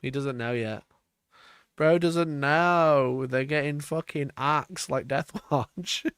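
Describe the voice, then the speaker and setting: A male streamer reacts live for his chat, loud and mocking, swearing freely and laughing in bursts. His voice sits a bit high. The mic is close and dry, with no room sound. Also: slow, clear, resonant tone, no room sound.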